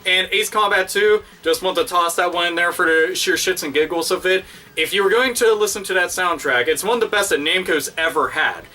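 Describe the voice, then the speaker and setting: A man hosting his own video, ranting casually and excitedly with constant swearing and crude exaggeration. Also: high voice, a little fast, distant mic. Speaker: video host. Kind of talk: casual profane rant.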